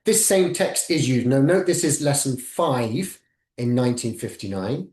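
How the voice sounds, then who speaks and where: A man's voice: mid-range voice, lively intonation, measured pace, a little mellow. A man gives an academic webinar in a mid-range voice, stepping methodically through one slide after another. His voice carries a roomy echo around it. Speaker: webinar presenter.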